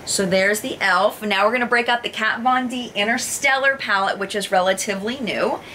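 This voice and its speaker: Bright bubbly woman reviewing makeup. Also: mid-range voice, normal speed, slight background noise. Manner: bubbly, gushing, exclaims in excitement. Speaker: beauty vlogger.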